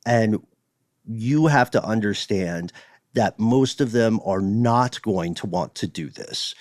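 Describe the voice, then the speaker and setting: A man co-hosting a podcast in casual chat, animated and quick to laugh, often reading quotes aloud. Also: on the low side, no echo. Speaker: podcast co-host. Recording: dry close studio sound.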